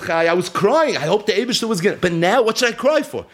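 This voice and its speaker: A man with a high voice teaches a Torah lesson. His pitch swings up and down as he tells the story. He reads a verse, translates it, and then acts out the quotes with sudden exclamations. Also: lively intonation, fast.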